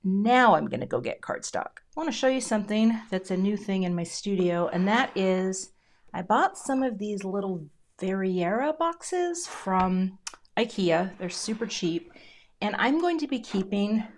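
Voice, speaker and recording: A middle-aged woman narrating a casual crafting tutorial, chatty and relaxed, often dropping into a whisper as she concentrates. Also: medium pitch, measured pace. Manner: drops into whispers while concentrating. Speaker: card-making crafter.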